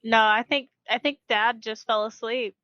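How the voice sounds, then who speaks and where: Woman cohost, quick agreeing bits, highish voice, muffled audio. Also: steady tone, pushed and bright. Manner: brief agreeing interjections. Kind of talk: casual chat. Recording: muffled lo-fi sound.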